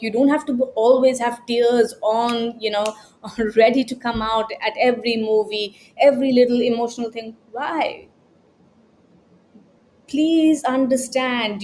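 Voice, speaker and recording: Emphatic woman coach, slightly high voice. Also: a little mellow, a little hiss or hum. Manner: emphatic, scolding, repeats phrases. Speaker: self-help coach. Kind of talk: motivational talk to camera. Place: New York.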